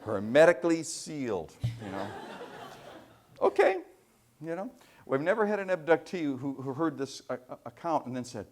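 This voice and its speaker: A man giving a university lecture, telling anecdotes in an animated way with frequent restarts. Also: on the high side, normal speed. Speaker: professor giving a guest lecture.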